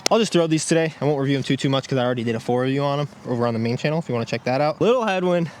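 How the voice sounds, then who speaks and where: Out on a disc golf course, a man reviewing discs talks casually while he plays, letting out exclamations with each throw. His voice sits in the mid-range and he speaks very fast, captured in an outdoor field recording with faint background noise.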